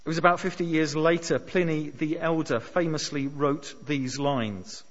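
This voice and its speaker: A man preaching a sermon, emphatic, pushing key words up to near shouts. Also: fairly high pitch, steady tone, normal speed, few pauses. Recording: dull sound with long hall reverb.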